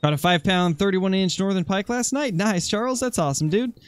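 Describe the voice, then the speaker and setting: A young man with a slightly high voice chats casually through a hunting game stream. He reads out viewers' comments and answers them in a relaxed, talkative way. Faint music plays underneath. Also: brisk, clean tone, no echo. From Oregon, USA. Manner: chatty, answers chat comments while hunting. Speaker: gaming streamer.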